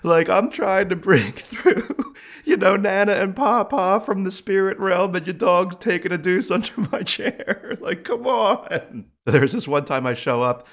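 A man's voice: sits high, unhurried. A middle-aged man, a psychic medium, casually telling funny stories from his work, laughing often and acting out the voices of people and pets. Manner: animated, laughing, acts out quoted voices. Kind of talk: casual storytelling monologue.

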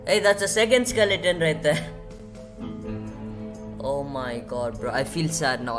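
An excitable male gamer talking over his game, his voice leaping into high yelps when things go wrong. He repeats himself in quick bursts in a casual commentary. Game music plays clearly underneath. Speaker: gaming channel host. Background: game music playing under the voice.

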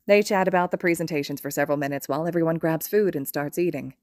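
Low-voiced woman reading fan fiction. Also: quick pace, no room sound, studio quality. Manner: steady, expressive storytelling. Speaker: podfic reader.

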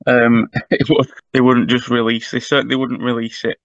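A man's voice: mid-range voice, little pitch movement, moderate pace, no room sound, muffled recording. A man co-hosting a podcast in casual chat, laid-back and hesitant, often answering with a short yes. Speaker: podcast co-host. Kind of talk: casual chat reviewing an album.

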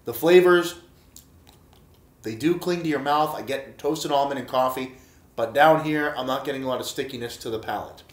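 With a roomy sound to his mid-range voice, a man at normal speed chats enthusiastically about beer in a vlog. He speaks straight to viewers as "guys" and says things more than once.

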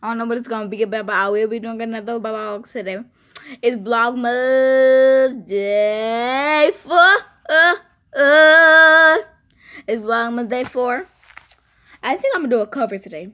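Fast and fairly high-pitched, this vlogger's voice carries a casual, meandering storytime aimed squarely at her viewers. She's animated and uses repetition of phrases to emphasize things.

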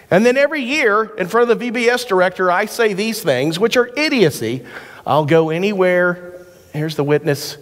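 A man's voice: sits high, animated, a bit bright. A man pastor giving a sermon, mixing scripture with folksy stories and jokes. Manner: folksy storytelling with quick jokes. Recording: church hall reverb.

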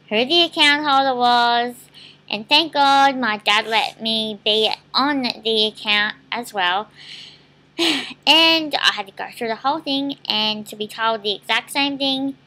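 Young Australian woman vlogger, high voice, exasperated and cussing through a casual rant. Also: pushed and bright. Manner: exasperated and swearing.

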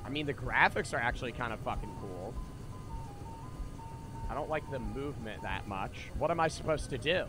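Rich: A young man streaming a horror game live, talking loosely and profanely to his chat as he plays. His voice sits at an ordinary middle pitch, and game music plays steadily behind him. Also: expressive, moderate pace, pauses often. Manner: casual, profane, chatty with viewers. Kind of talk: live gameplay commentary.

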